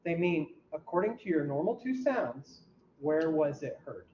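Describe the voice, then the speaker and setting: Slow-talking male teacher in a classroom. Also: fairly high pitch, big pitch swings, warm tone. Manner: quizzes students, mimics heart sounds aloud. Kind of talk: classroom lecture. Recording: dull lo-fi recording with faint hum.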